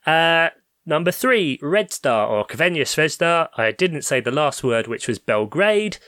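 A man's voice: a little high, big pitch swings, measured pace, sharp tone, no echo, clean studio sound. A man hosting a casual podcast football quiz, reading out answers in a playful, teasing way. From England. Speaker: quiz host.

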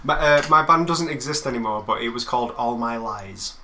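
A man's voice: medium pitch, brisk, a loud crowd. A man in his thirties from the Manchester area with a Northern English accent, chatting easily as a podcast guest. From England, Greater Manchester area. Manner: easygoing, chatty, drifts into put-on accents. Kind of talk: casual podcast chat.

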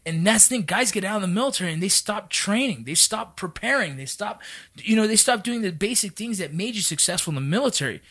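A man's voice: high-pitched, lively intonation, quick pace, bright, forceful tone, slightly rough. A man who is a military veteran, talking in a casual podcast conversation in a profane, emphatic, fired-up way.

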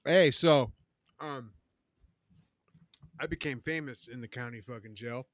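A man telling stories in a casual chat, profane and animated, saying "bro" constantly. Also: medium pitch, measured pace, no echo.

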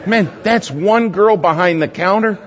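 A man speaking at a church gathering, telling a sermon story in a lively anecdotal way and chuckling at his own tale. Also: high-pitched, measured pace, some chatter behind. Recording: dull, echoey hall recording.

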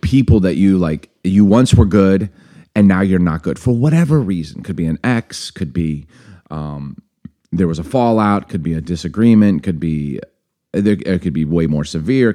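A man with a low, mellow voice hosts a relaxed conversational podcast. He tells personal stories with animation and acts out the lines of the people in them. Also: normal speed. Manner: storytelling, animated, acts out quoted dialogue. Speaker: podcast host.

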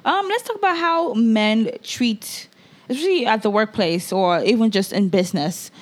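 A young woman co-hosting a casual chat, animated and acting out other people's lines in mocking voices. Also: on the high side, moderate pace. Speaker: podcast co-host.

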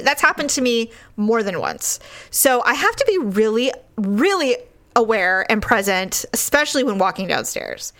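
A woman in her forties telling a funny story in casual chat, laughing often and acting out what people said. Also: moderate pace. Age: 40s. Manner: animated, laughs often, acts out quoted lines in a high voice.

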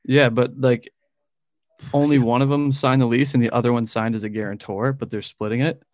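A young man in his twenties, a podcast co-host, rambles through a story in casual chat, packing his speech with "like" and laughing often. His voice is medium in pitch, steady, brisk and somewhat dark, recorded dry and close with no echo.

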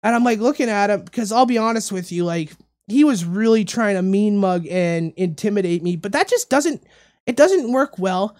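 A man hosting a casual talk show, telling a story in a rambling, animated way and repeating his words. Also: high voice, normal speed. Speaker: radio show host. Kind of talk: casual podcast chat, storytelling.

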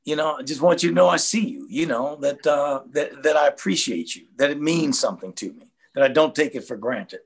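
A man's voice: fairly high pitch, brisk, hardly any pauses, husky. An older man, a radio host, chatting in an earnest, reflective way and repeating words as he thinks. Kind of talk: casual interview chat.

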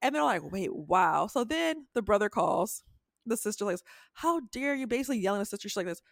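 A woman's voice: mid-range voice, expressive, fast, vocal fry, dry recording, studio quality. A young adult woman, a podcast co-host, retelling a story in casual chat, acting out quotes in a raised voice and swearing freely.

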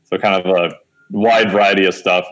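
A man's voice: moderate pace, poor audio. A man in his forties telling a long personal story as an interview guest, talking conversationally with plenty of fillers and acting out the lines of people he quotes. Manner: animated storyteller who acts out quoted dialogue with lively pitch jumps; conversational, with frequent fillers and self-corrections.

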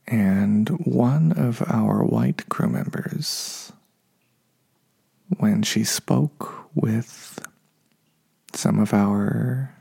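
A man hosting a podcast alone, talking unscripted in a low-key way, often correcting himself and sounding a little frustrated. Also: vocal fry, mellow, husky. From United States. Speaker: podcast host. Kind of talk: solo podcast monologue.

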